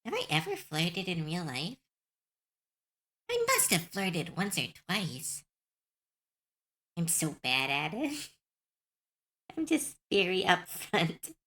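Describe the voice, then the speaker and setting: Young woman streamer, bright voice with a lot of pitch movement, loose and self-mocking, laughs easily. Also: wildly swooping pitch, takes it slowly, long pauses. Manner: chatty, self-deprecating, laughs often. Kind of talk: casual live-stream chat.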